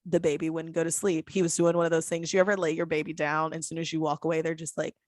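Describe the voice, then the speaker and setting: A woman's voice: sits low, flat delivery, fast, no room sound. A woman in her twenties hosting a podcast, talking frankly and profanely with frequent laughs and acted-out quotes. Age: 20s. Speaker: podcast host. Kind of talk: candid casual chat.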